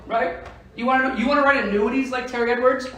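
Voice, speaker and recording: Emphatic high-voiced male sales trainer. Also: fairly even intonation, fast talker, bright, forceful tone. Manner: emphatic, keeps asking "right?" to the audience. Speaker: sales trainer for insurance agents. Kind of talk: motivational training talk. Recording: echoey room, heard from a distance.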